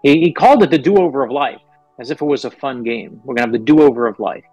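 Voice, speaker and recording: A middle-aged man from New York, an author telling earnest, animated stories about his life as an interview guest. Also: mid-range voice, fast talker, dry recording, dull audio, soft background music. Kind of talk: interview storytelling.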